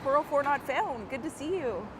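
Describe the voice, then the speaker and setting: A woman with a slightly high voice chats to her viewers as she walks a city street at night, greeting them by name and laughing easily. She is recorded on a handheld phone outdoors, with steady traffic and street noise behind her. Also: normal speed. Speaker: live-stream host. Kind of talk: casual live walking stream.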